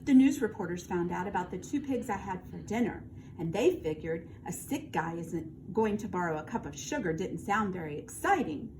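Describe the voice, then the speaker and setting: A woman's voice: fairly low pitch, lively intonation, moderate pace, pitched below the performer's own voice, lightly acted. A woman reading a storybook as a sly male wolf who insists he was framed, sounding aggrieved and self-justifying. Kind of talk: storybook read-aloud. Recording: distant mic, faint background noise.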